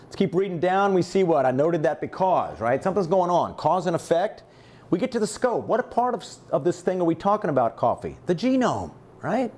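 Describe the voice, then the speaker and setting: A middle-aged man leads a test-prep lesson, and his voice climbs and dips a great deal as he stresses key words. He talks in a lively, rhetorical way and keeps asking "right?" and "okay?" to check in with the class. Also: high-pitched, brisk. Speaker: high school math teacher.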